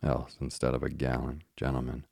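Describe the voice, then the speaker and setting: A man's voice: very deep voice, monotone, fairly quick, gravelly, a little mellow, breathy edge, no room sound, studio quality, heavily acted. A man voicing a doting old witch woman in an audiobook, speaking in fond, archaic phrasing.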